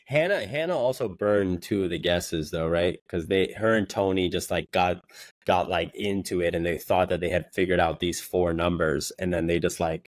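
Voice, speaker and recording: A man's voice: low-pitched, moderate pace, dry recording. Casual young man rambling recap talk. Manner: loose, filler-heavy recap talk. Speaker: co-host, former contestant. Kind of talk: casual chat.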